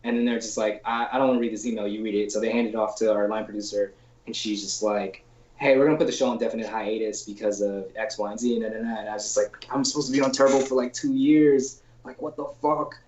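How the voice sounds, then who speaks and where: A man, a storyboard artist, chats as a podcast guest in a loose, slangy voice, peppering his talk with "like" and casual swearing. He slips into animated voices when he quotes people. The call audio is roomy and a bit dull and lo-fi. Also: on the low side, quick pace. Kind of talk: casual anecdotal storytelling in an interview.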